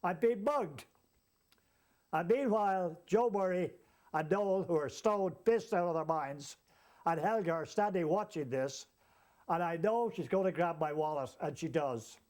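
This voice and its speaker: A man telling a comic travel anecdote as a storyteller, lively and chuckling along as he goes. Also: high-pitched, a little slow. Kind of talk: comic anecdote told to an audience.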